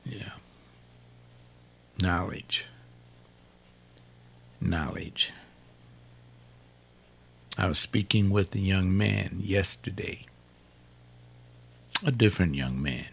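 A man's voice: low-pitched, expressive, measured pace, gravelly, long pauses, slightly rough. An older man giving an informal sermon-style talk, repeating words for emphasis. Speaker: preacher.

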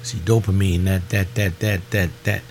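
A man preaching a fervent webcast sermon, pleading with his listeners and rising in pitch on his emotional appeals. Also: fairly even intonation, normal speed, soft background music.

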